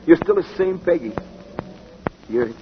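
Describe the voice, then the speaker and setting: An actor playing a gentle, lovesick young male boxer who speaks softly and haltingly, in 1940s radio acting. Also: fairly high pitch, expressive, background noise. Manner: soft, halting, plain slangy speech. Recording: dull 1940s radio recording with music.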